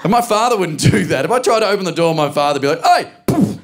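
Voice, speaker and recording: A man in his thirties with an Australian accent, performing a stand-up comedy routine and acting out quick voices of his family. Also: a little high, lively intonation, slight background noise. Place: live comedy venue with audience laughter.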